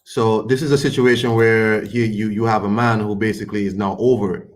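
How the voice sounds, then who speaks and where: Low-voiced man rambling about boxing. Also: fairly even intonation, fairly quick. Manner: rambling, colloquial, loose and conversational. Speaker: boxing commentary streamer. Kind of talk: casual commentary on a livestream.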